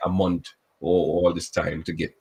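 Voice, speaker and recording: A man's voice: low voice, flat delivery, moderate pace, a little mellow, slightly rough, poor audio. A man, a government official speaking as a guest on a radio talk show, earnest and explaining at length with many restarts.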